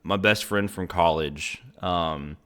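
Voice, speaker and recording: A man's voice: sits low, slow, a bit bright. A young man interviewing a guest in a casual chat, rambling with many "um"s and "you know"s. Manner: rambling, many fillers and restarts. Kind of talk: casual conversation.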